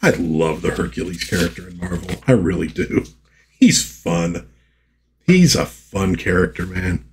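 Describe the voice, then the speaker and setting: A man's voice: low-pitched, expressive, measured pace, slight background noise. A man casually reviewing an old comic book and reading its panels aloud, chatty and full of asides and fillers.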